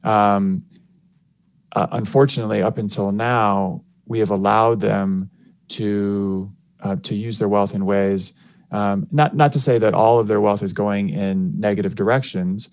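Male author being interviewed, low voice, deliberate, dry sound. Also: steady tone, a little mellow, no echo. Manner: measured, many fillers and restarts. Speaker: guest author, civil rights attorney. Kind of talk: radio interview.

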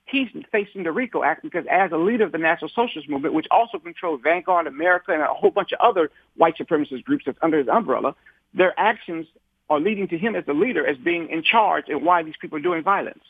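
A man's voice: fairly high pitch, fast talker, husky, no echo. A man, a civil rights activist, telling a long story in an interview. He repeats and restarts his words and acts out the lines other people said to him. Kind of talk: conversational storytelling. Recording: tinny phone-like line, dry.

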